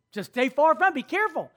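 Man, 50s, high-pitched voice, youth preacher, animated, conversational, checks in with the audience. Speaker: camp speaker teaching students. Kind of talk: sermon-style teaching to a youth audience.

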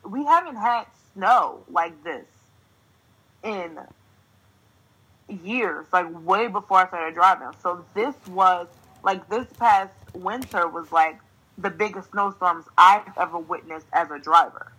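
A young woman from New Jersey, a podcast host telling a story in casual chat, swearing freely and ranting in an animated way, laughing often. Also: on the low side, takes it slowly, husky, poor audio.

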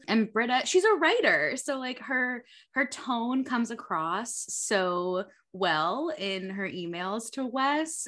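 A woman co-hosting a casual podcast, talking with constant "like" fillers. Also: medium pitch. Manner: filler-heavy "like", animated. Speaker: podcast co-host.

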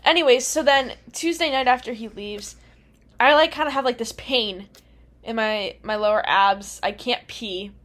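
A woman's voice: fairly high pitch, moderate pace, a bit bright. A young woman co-hosting a casual chat podcast, telling a story in a rambling way and laughing often. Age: young adult. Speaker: podcast co-host.

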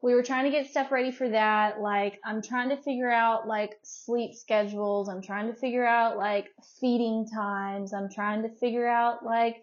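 High-voiced young woman telling a story. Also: moderate pace, hardly any pauses. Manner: animated, laughing storyteller. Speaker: podcast guest. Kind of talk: casual storytelling. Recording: dull lo-fi recording.

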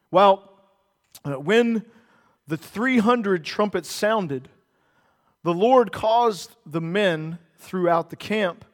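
Male pastor, lively storytelling sermon, acts out the characters, high voice, long church-hall reverb.

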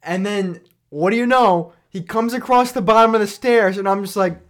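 A man co-hosting a casual chat, telling gaming stories and acting out quotes with big jumps in pitch. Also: normal speed, a little hiss or hum. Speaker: podcast co-host.

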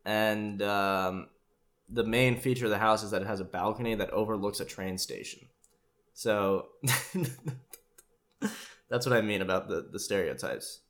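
A man's voice: fairly low pitch, measured pace, pauses often, fairly bright tone. A man giving casual, rambling commentary on a show, sarcastic and swearing freely.

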